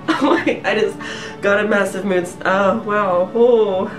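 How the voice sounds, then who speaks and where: A woman's voice: medium pitch, slow, reverberant, over music. A woman vlogger answering viewer questions in a casual, candid way, often swearing and laughing, from her living room. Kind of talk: casual Q&A chat.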